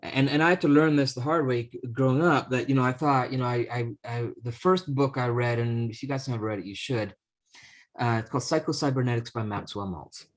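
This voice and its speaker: A man co-hosting a talk show, telling a story in a casual, halting way, full of restarts, and acting out the people in it. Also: medium pitch. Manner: halting, many restarts and fillers, acts out the voices in his story. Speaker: podcast co-host.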